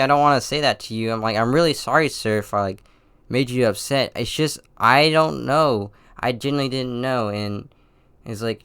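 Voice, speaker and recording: A man's voice: mid-range voice, fairly quick, fairly bright tone, smooth, no room sound. A teenage boy hosting his own podcast, talking in a rambling, hesitant way with many restarts and apologies. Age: teens. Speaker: podcast host. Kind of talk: casual solo podcast monologue.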